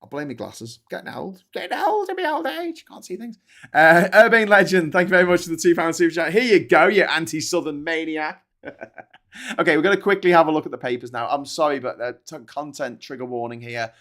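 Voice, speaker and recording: A man's voice: fairly high pitch, brisk, a bit bright. A middle-aged British man hosting a casual live stream, reading viewer comments aloud, laughing often and swearing freely.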